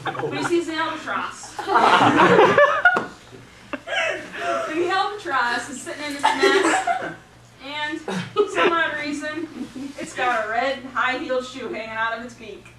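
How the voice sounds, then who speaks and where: A woman spins an improvised, rambling tale, playful and giggly as she goes. Her voice is high and her pace unhurried. The mic is far from her in a roomy space, with steady noise behind. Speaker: storyteller. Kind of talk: improvised storytelling. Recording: roomy, distant mic, noisy.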